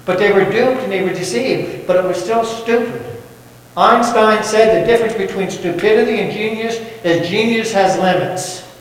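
A man's voice: high voice, moderate pace. A man preaching a sermon as pastor, folksy and quizzing the congregation with questions. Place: church sanctuary. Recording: echoey church hall from far off.

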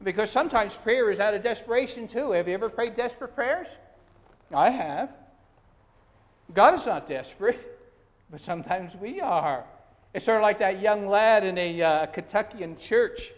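A man with a high voice preaches a sermon in a church sanctuary, earnest and emphatic, often restarting his sentences. Long reverb from the hall trails his words. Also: expressive, normal speed. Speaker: pastor.

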